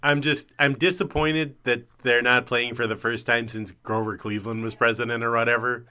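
A man's voice: medium pitch, flat delivery, normal speed, sharp tone. A man co-hosting a casual sports podcast, amused and wry. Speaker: podcast co-host. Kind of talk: casual chat.

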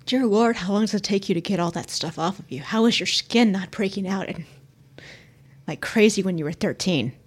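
Husky-voiced woman playing a tabletop game. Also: medium pitch, a little fast. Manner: brash, swears and laughs often. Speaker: player. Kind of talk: tabletop game play, casual chat.

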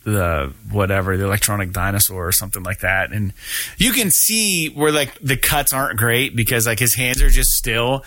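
A man's voice: on the low side, normal speed, pushed and bright, no room sound. A man hosting a casual gaming news podcast, talking loosely with lots of swearing and filler words. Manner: profane, rambling, lots of fillers. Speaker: podcast host.

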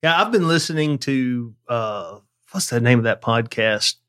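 Male podcast co-host, mid-pitched, wry and giggly, reads listener questions. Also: expressive, unhurried, a bit bright, clear, resonant tone. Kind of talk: casual chat.

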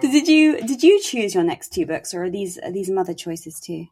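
A woman's voice: mid-range voice, very animated, moderate pace, music in the background. A woman hosting a casual interview, teasing and encouraging her guest and laughing easily. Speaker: podcast host.

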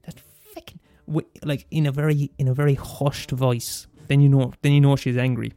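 A man's voice: medium pitch, normal speed. A young man in his twenties with an Irish accent, ranting casually and cursing freely. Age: 20s. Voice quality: sweary, animated rant. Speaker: student radio host. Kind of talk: casual monologue.

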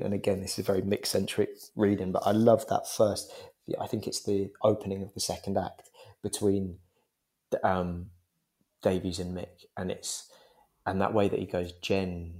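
A man's voice: on the low side, steady tone, normal speed, dark tone. A man, a stage actor, talking in an interview with enthusiastic, rambling energy and frequent laughs. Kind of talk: interview talk.

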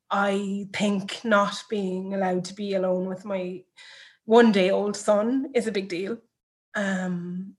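A woman in her thirties talks through a personal experience in a conversational interview. Her delivery is candid and reflective. She often pauses on fillers and restarts her sentences. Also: medium pitch. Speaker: interview guest.

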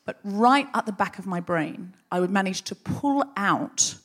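A woman comedian spins a personal story for a live audience into a stage microphone. Her delivery is wry and lively, and it builds toward real passion. She sits at an everyday middle pitch. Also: measured pace. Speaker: comedian and podcast host.

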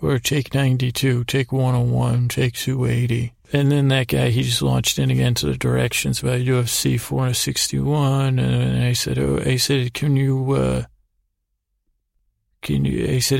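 Male sleep-story narrator, heavy vocal fry, even delivery, wanders and restarts. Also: mid-range voice, dry recording, clean studio sound. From United States. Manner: meandering, halting, full of restarts. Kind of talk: rambling improvised bedtime story.

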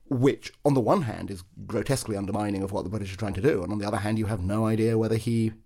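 A man commenting on politics in a measured, analytical way during a panel discussion. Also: fairly low pitch, warm tone.

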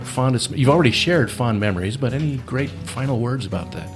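A man's voice: mid-range voice, expressive, vocal fry, music in the background. A man hosting a podcast interview, chiming in and laughing often, then asking his guests a question. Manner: encouraging, quick to laugh and chime in. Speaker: podcast host. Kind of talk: casual interview.

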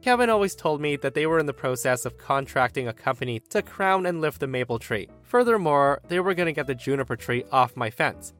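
Animated male storyteller. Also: a little high, brisk, hardly any pauses, faint music behind. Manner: wry, animated retelling. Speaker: narrator. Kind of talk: storytelling narration.

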